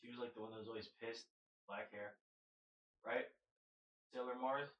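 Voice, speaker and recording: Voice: mid-range voice, normal speed, lo-fi sound. A podcast co-host chatting casually, chiming in with teasing remarks and news. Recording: roomy echo, faint ambience.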